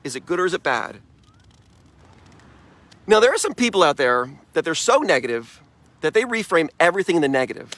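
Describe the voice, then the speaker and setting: A middle-aged man delivering an upbeat motivational talk. His voice sits a little high for a man, and he speaks with emphatic energy and frequent laughs. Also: sing-song, brisk, pauses often, fairly bright tone, no echo.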